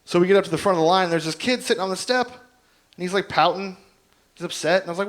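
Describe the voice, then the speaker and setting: A man from Indiana does an open-mic stand-up set, telling rambling, self-deprecating stories packed with fillers. His voice sits high, animated and rapid-fire.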